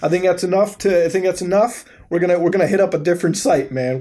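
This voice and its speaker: A young man hosting a video, giving casual commentary as he browses websites, swearing, laughing and reacting in disbelief, swinging between mumbles and sudden loud outbursts. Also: sits high, quick pace, few pauses, slight background noise. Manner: profane, incredulous, laughs often. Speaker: YouTube host.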